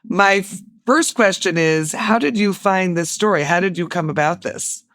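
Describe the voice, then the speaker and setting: A woman's voice: on the low side, moderate pace, fairly bright tone, no room sound, clean studio sound. A woman hosting a news podcast, conversationally asking her guest questions. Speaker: podcast host.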